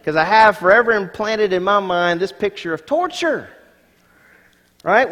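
A man's voice: high voice, expressive, unhurried. Emphatic preaching man in a hall. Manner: dynamic preaching, swings from quiet asides to loud emphatic peaks. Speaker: pastor. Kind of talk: sermon.

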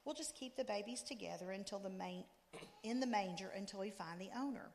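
A woman voicing a calm, reasoning mother in a story read aloud. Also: medium pitch, brisk, big-room sound, slight background noise, natural voice.

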